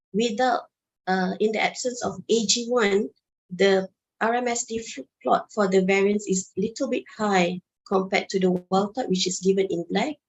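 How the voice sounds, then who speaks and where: Female presenter from Malaysia, raspy and creaky, unhurried delivery with pauses. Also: mid-range voice, a little mellow, lo-fi sound. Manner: measured, with frequent hesitations. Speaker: conference presenter. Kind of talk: academic presentation.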